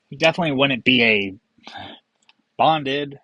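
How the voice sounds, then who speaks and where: A man's voice: medium pitch, expressive, brisk, sharp tone, dry recording, poor audio. A young man hosting a casual whiskey tasting, rambling and joking with profane asides. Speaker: whiskey vlogger.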